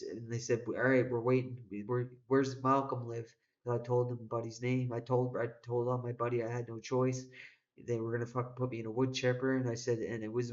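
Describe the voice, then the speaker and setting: A man's voice: mid-range voice, muffled recording. A man telling a personal story in a rambling, profane way, full of restarts and swearing. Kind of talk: casual spoken storytelling.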